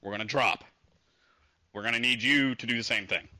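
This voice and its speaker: A man's voice: mid-range voice, fairly quick, bright, forceful tone, no echo. A man playing a tabletop game, talking directly and sometimes with some exasperation. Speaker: player. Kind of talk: casual tabletop play.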